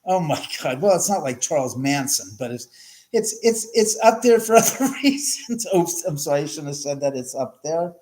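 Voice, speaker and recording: A man's voice: a little high, expressive, normal speed, a little mellow. A middle-aged man hosting a casual livestream, chatting and rambling as he answers viewer comments, laughing often and restarting sentences. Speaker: livestream host.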